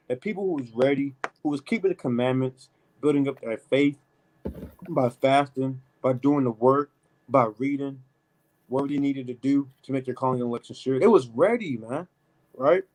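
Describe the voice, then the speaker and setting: A man leading a casual, animated Bible study, reading verses and adding emphatic asides like "man" and "right?". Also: medium pitch, normal speed, poor audio. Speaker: Bible teacher. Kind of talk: street-style Bible study preaching.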